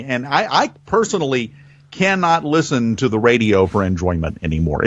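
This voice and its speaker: A seasoned radio man with a light Southern accent, talking in a lively, up-and-down voice. He speeds up and slows down on purpose, like a born storyteller. The sound is dry and a little muffled, as if over a remote line. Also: no echo. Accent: Southern American, softened. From American South. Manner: animated storyteller, varies speed and pitch deliberately. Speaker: radio host, guest. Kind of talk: conversational podcast interview.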